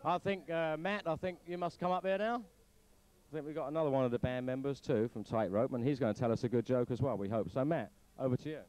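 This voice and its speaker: A man's voice: mid-range voice, fairly quick, darkish tone, rough recording. A man hosting a pub joke night, introducing each guest and telling a joke of his own. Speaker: host. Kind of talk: casual pub chat.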